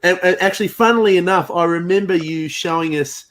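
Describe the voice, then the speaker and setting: A man with an Australian accent, a musician co-hosting a live chat, telling stories in a relaxed, rambling way with lots of fillers. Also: high voice, fairly quick. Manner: laid-back rambling storyteller with many fillers. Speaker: co-host musician. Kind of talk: casual chat.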